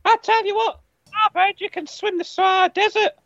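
Crude teasing podcast co-host, woman, gravelly, dull dry recording. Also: very high-pitched, fairly even intonation, a little fast, noisy background. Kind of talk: casual comedy chat.

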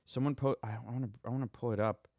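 A man's voice: mid-range voice, steady tone, quick pace, darkish tone, dry recording. A man in his thirties hosting a livestreamed podcast, talking in a rambling, sarcastic way with many restarts. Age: 30s. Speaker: podcast host. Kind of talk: livestreamed monologue.

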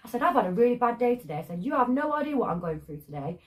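A quick-talking woman chats on a podcast, her pitch leaping around as she tells a story. She swears freely and acts out what was said, in a slightly high voice. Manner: fast, expressive storytelling with swearing. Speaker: podcast co-host. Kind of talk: casual chat.

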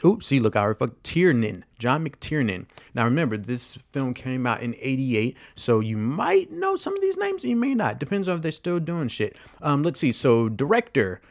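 A man hosting a casual movie podcast, excitable and swearing freely as he chats and laughs. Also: medium pitch, moderate pace, creaky, hardly any pauses. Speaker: podcast host.

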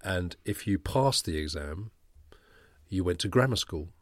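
Deep-voiced male podcast co-host, dry close mic, measured and explanatory. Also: expressive, no room sound. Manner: explanatory, thoughtful. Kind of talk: casual chat.

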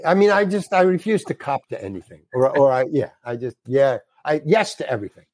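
An older man, a guest actor, telling an animated story and swearing freely as he acts out the other people in it. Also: mid-range voice, fairly quick, dry recording. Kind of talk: anecdotal storytelling.

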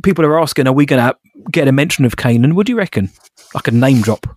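A man's voice: medium pitch, lively intonation, fast, no echo, studio quality. A man co-hosting a podcast in casual chat, upbeat and jokey, asking his co-host questions.

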